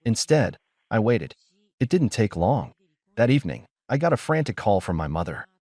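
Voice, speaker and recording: Husky male story narrator. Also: lowish voice, sing-song, a little mellow, no room sound, clean studio sound. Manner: cool, measured, dryly triumphant. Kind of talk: first-person dramatic story narration.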